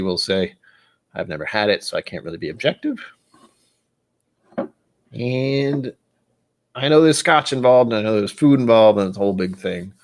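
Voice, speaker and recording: A man hosting a relaxed livestream, talking in a fairly low voice. He rambles good-naturedly and pokes fun at himself, often dropping to a mutter as he talks to himself. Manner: rambling and self-deprecating, muttering asides to himself. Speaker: livestream host. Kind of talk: casual livestream chat.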